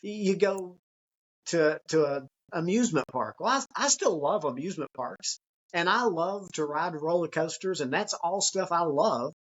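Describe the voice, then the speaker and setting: A man speaking as a guest author in a conversational interview, earnest and reflective, sometimes acting out an excited child's voice. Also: a little high, moderate pace, muffled recording.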